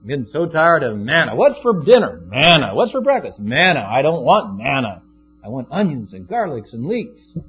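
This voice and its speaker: A preacher voicing a grumbling wanderer who whines about his food in a high, pouting voice. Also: very animated, normal speed, lightly acted. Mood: whining. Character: whiny grumbling Israelite wanderer, adult man. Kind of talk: sermon with acted quotes. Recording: dull lo-fi with faint guitar.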